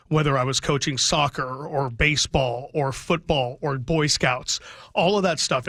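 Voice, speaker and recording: A man's voice: fairly high pitch, bright, forceful tone, no echo. A middle-aged man, a radio sports broadcaster, talking heartfelt and rambling about his son in a radio interview, choking up at times.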